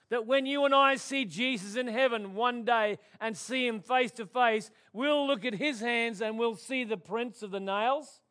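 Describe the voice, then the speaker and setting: A man preaching a sermon, swinging from loud emphatic declarations to hushed, quiet tones. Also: extremely high pitch. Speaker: pastor.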